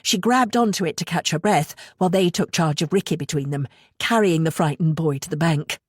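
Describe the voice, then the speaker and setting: A woman narrates a thriller audiobook in an even, measured tone. Her voice sits low, and the close studio mic gives a dry sound. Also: dry recording. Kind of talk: scripted narration.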